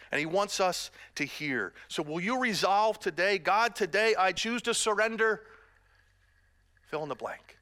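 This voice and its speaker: His voice is high-pitched, pushed and bright as this middle-aged man preaches to his congregation. Speaking as pastor, he stays earnest and direct while slipping in jokes at his own expense.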